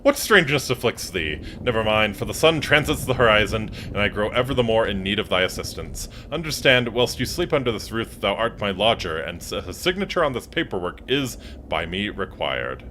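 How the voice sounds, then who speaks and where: A man playing a courtly old-fashioned gentleman, formal phrasing, bright tone, lively pitch. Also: fairly quick, few pauses, slight background noise, rough recording.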